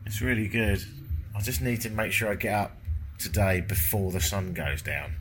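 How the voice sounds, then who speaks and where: A man's voice: on the low side, normal speed, fairly bright tone, slight background noise. A British man vlogging from a hotel room after a sleepless night, jet-lagged, wry and self-deprecating, swearing casually. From Britain. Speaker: travel vlogger. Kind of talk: casual travel vlog monologue. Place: hotel room with windows closed.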